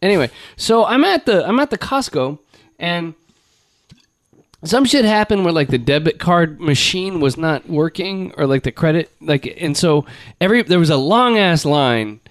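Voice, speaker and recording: A man's voice: on the high side, expressive, normal speed, dry recording, studio quality. A man telling a long rambling story in casual chat, with crude jokey humor.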